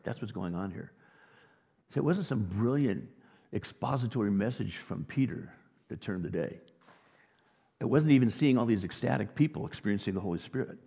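A male pastor delivering a sermon, with dynamic delivery that swings from near whispers to loud, emphatic peaks. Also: on the low side, creaky, husky. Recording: long reverb of a large hall.

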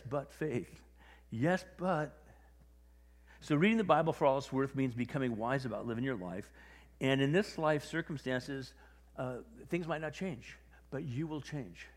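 A male pastor preaching in a casual, animated style, with a voice of ordinary middle pitch. He talks to the congregation like he is chatting with them, slipping into quoted voices as he goes. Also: measured pace, long pauses, long reverb tail. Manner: conversational, animated, acts out quotes. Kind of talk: sermon.

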